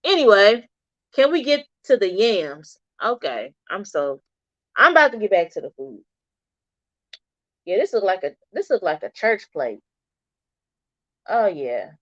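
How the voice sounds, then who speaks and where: With a medium-pitched voice, a middle-aged woman talks casually on her livestream, reacting animatedly to viewers' comments. The sound has no echo but is dull and slightly lo-fi.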